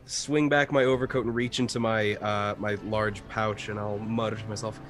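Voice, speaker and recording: Hesitant lower-voiced male player. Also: level tone, normal speed, soft background music. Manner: hesitant, thinking aloud with fillers. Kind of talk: tabletop role-play.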